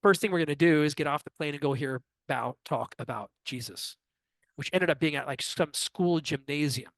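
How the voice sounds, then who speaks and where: A middle-aged man, an astrologer being interviewed, telling a personal story in a lively way and acting out what others said. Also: fairly high pitch, moderate pace, dry recording. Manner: lively, acts out others' lines in quotes. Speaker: astrologer guest.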